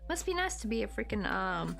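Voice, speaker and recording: A woman's voice: medium pitch, sing-song, a little fast, gravelly, a bit bright, soft background music. A woman from the United States hosting a crochet livestream, chatting in a rambling, laughing way and reading viewer comments aloud.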